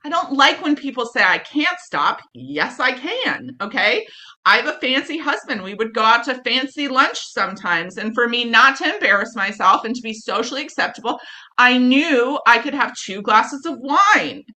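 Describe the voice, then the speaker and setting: Woman, middle-aged, candid storytelling, profane, self-deprecating, bright voice. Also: a little high, moderate pace. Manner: blunt, profane, self-mocking, animated quoting. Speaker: speaker sharing recovery story. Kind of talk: candid personal story talk.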